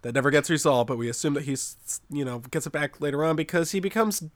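A man's voice: a little high, expressive, fast, no room sound. A young man hosting a podcast, rambling and sarcastic with casual swearing. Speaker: podcast host. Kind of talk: casual chat.

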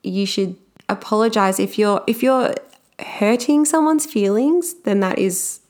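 A young woman talks casually and openly about her own experiences at work, sprinkling in lots of everyday fillers. Her voice sits at a medium pitch, with an unhurried pace and a somewhat dark tone.

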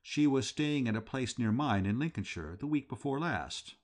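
A man voicing a timid, lovesick young English gentleman who speaks in a flat, hesitant way. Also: medium pitch, normal speed, voice pushed up, lightly acted.

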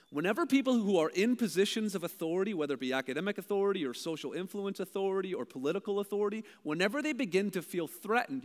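A man from Canada preaching a sermon, animated, his delivery swinging between loud, emphatic lines and hushed ones. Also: high-pitched. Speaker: pastor. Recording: long hall reverb.

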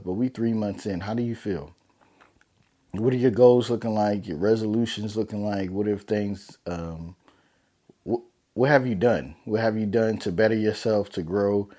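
A man's voice: on the low side, warm tone. A young man talking casually and earnestly to his viewers, loose and slangy, leaning on "man" and "you know.". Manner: loose, heartfelt, slangy, many fillers like "man". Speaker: vlogger. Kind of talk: casual motivational talk to camera.

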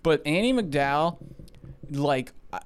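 A man's voice: a little high, lively intonation, takes it slowly, clear, resonant tone. A man co-hosting a movie podcast, giving blunt, profane, rambling opinions in casual chat. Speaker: podcast co-host.

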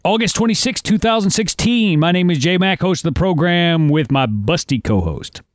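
Man, podcast host, slightly higher voice, dry close sound, crude joking banter. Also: animated, normal speed, no echo. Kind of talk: casual comedic podcast banter.

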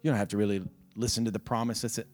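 Earnest preaching man over soft music. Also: on the low side, flat delivery, very fast. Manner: earnest, impassioned preaching with frequent repetition. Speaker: pastor. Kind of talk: sermon. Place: church service. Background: soft music from the band.

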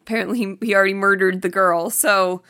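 A woman's voice: medium pitch, steady tone, quick pace, bright, forceful tone. A woman co-hosting a podcast, casually recapping a film in chatty conversation. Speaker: podcast co-host.

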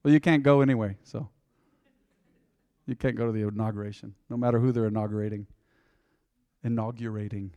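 A man's voice: mid-range voice, steady tone, fast talker, pauses often, warm tone, smooth. Folksy male pastor in a reverberant hall. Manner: folksy and conversational, acting out little dialogues. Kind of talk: sermon.

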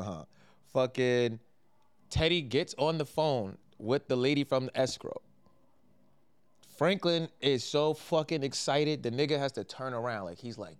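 A man's voice: mid-range voice, moderate pace, smooth. A man hosting a casual podcast, recapping a story animatedly and tagging lines with "huh?". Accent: Jamaican-tinged put-on. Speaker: podcast host.

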